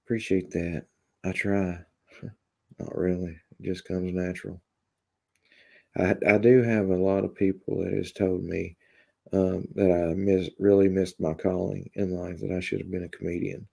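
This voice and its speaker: Low gravelly man chatting on a live stream. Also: a little slow. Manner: deadpan, rambling with many fillers. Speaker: live-stream host reading chat. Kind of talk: casual live-stream chat.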